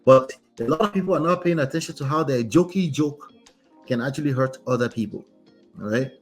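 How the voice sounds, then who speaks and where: A man's voice: medium pitch, lively intonation, brisk, soft background music. A man, a relationship coach host giving casual, emphatic commentary and often asking "right?". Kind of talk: casual commentary on a reader's story.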